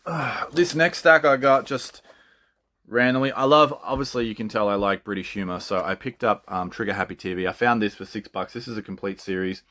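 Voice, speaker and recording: A man's voice: fairly low pitch, brisk, pushed and bright. A man chatting casually and with enthusiasm, often laughing and swearing freely. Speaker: collector. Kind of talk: casual chat.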